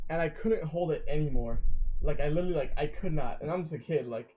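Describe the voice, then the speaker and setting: A man's voice: a little high, fast talker, mellow, slight background noise, poor audio. A young man telling rambling stories on a casual late-night podcast, swearing often. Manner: rambling storyteller, swears a lot. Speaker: guest.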